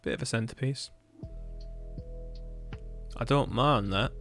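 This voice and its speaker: A man streaming a building game, chatting casually and rambling with dark jokes. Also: medium pitch, slow pace, vocal fry, soft background music. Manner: rambling, joking, darkly humorous. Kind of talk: casual chat while gaming.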